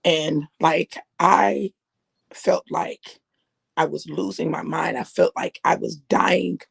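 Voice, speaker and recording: A woman's voice: lowish voice, steady tone, takes it slowly, gravelly, slightly rough, no echo. A middle-aged woman preacher, giving an earnest personal testimony in a conversational sermon that repeats phrases for emphasis.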